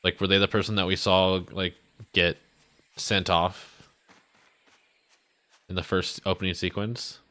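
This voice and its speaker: A man streaming a video game live. He gives casual, excitable commentary full of sudden whoops and rambling self-corrections. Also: low voice, unhurried, long pauses.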